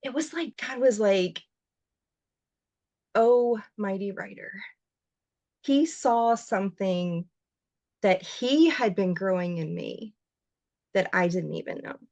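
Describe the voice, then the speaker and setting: A woman, a writer and journalist, telling her story as a guest on a podcast interview, heartfelt and expressive, her voice leaping up when she gets emotional. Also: slow pace, long pauses, dry recording. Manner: voice jumps high when emotional.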